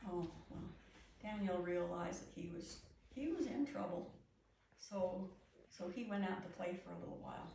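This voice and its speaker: A middle-aged woman telling a story in first person as a pioneer woman, expressive and emotive. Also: lowish voice, normal speed, gravelly. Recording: echoey room from far off with faint hum.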